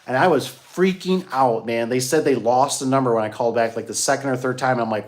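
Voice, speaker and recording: A man's voice: mid-range voice, brisk, hardly any pauses. A man who runs a garage door business, talking to his viewers in a rambling, folksy way and repeating himself as he tells stories. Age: adult, grew up locally. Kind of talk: casual rambling monologue to viewers.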